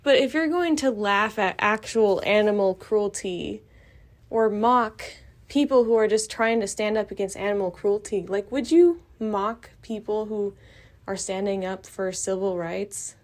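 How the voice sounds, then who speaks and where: Recorded outdoors near a building, a young adult woman hosts a podcast as a casual monologue. Her voice is medium-pitched and unhurried, and she talks bluntly and passionately, rambling with lots of fillers.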